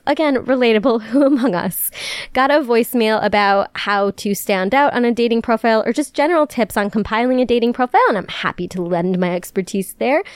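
Chatty, smooth-voiced woman podcast host. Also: medium pitch, no room sound. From Chicago area. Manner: chatty, self-deprecating, laughs often. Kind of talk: casual confessional chat.

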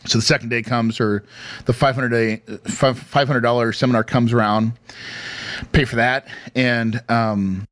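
A man's voice: medium pitch, steady tone, measured pace, a bit bright, no echo. A middle-aged man and real estate investor telling an emotional personal story into a mic, earnest and emphatic, with restarts. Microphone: studio mic.

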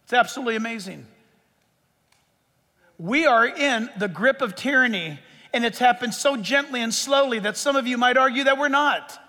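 A man's voice: very high-pitched, normal speed, pushed and bright. A man preaching a sermon from a stage, fervent and emphatic, repeating phrases for stress. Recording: long reverb of a big hall.

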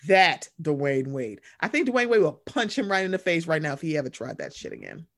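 A man hosting a casual chat, animated and sarcastic, swearing freely and slipping into mocking voices. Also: fairly high pitch, fairly quick, creaky.

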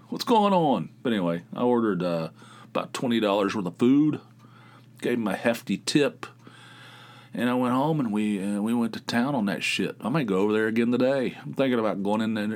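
Low-voiced man rambling casually. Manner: meandering storyteller, swears freely, frequent filler words. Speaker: podcast host.

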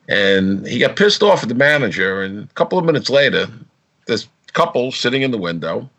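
A man telling police stories in a casual chat, acting out the voices of the people he describes. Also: medium pitch. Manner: animated storyteller, acts out quotes.

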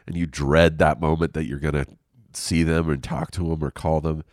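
A man with a very deep voice talks through a head cold, his nose plainly stuffed up. He rambles casually and swears freely, like a solo podcast host lounging on his couch. The sound is dry and close. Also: level tone, moderate pace, a little mellow, no room sound. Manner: rambling, profane, self-deprecating. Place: lying on his couch at home.

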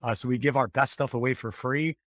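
A man who is a guest on a podcast, talking in an energetic, persuasive way and often repeating words. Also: medium pitch, brisk, no echo. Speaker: podcast guest, business coach. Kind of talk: conversational interview talk.

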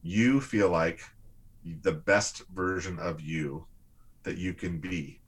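A man, a guest on a conversational show, telling personal stories in an animated, lively way. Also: sits low, slow pace, breathy edge. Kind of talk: casual conversational storytelling.

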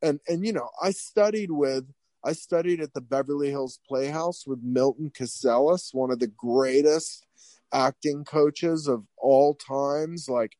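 A man's voice: fairly high pitch, a little slow, no echo. Rambling middle-aged man telling stories. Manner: rambling, animated, many restarts. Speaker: guest, hairstylist. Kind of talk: casual interview storytelling.

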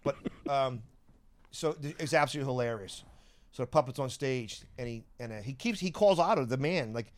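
A man rambling through comedy-club stories, halting and restarting, laughing often. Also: mid-range voice. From Philadelphia area. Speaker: comedian guest. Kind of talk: casual chat, storytelling.

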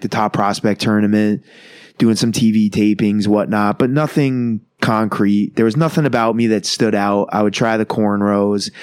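A man's voice: on the low side, a little mellow, dry recording, clean studio sound. A man in his thirties, a pro wrestler, telling a rambling, profane story in a casual interview and acting out the quotes.

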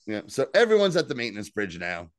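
A man co-hosting a podcast, casually and excitedly recapping scenes, swearing freely and quoting lines. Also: on the low side, fast talker, no room sound, clean studio sound. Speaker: podcast co-host. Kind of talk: casual chat.

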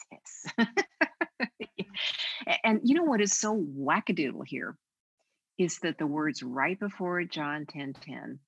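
An older woman guest speaking on a faith podcast, telling stories in an animated, expressive way. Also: low voice, husky, no echo, poor audio. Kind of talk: conversational podcast interview.

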